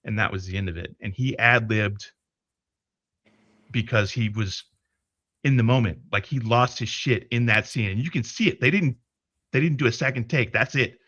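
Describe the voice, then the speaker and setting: Speaking at a moderate pace in a medium pitch, the co-host gives a profane, animated retelling full of restarts during a casual livestream chat. The audio is dull, with no room sound.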